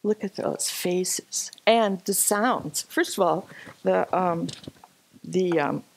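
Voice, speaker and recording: A woman telling an animated, self-deprecating personal story at a church gathering, laughing often. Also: on the low side, slow, creaky. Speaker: speaker sharing a personal story. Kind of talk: storytelling talk with slides.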